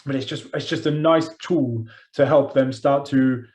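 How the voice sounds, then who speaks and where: A man's voice: mid-range voice, moderate pace, darkish tone, poor audio. A man co-hosting a teacher training webinar, jokey and self-deprecating in a loose, chatty way. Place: online webinar.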